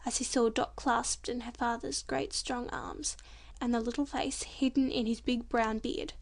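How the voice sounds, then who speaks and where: A woman reading a children's storybook audiobook in a gentle, expressive narration. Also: on the high side, normal speed, vocal fry.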